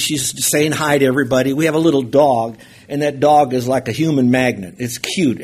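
Husky man preacher, a touch high, lively storytelling sermon with sudden emphatic lifts. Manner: storytelling, animated bursts of emphasis.

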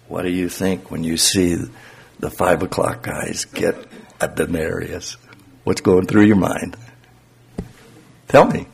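A man's voice: lowish voice, gravelly, husky. A man preaching a conversational sermon, explaining scripture and asking his listeners rhetorical questions.

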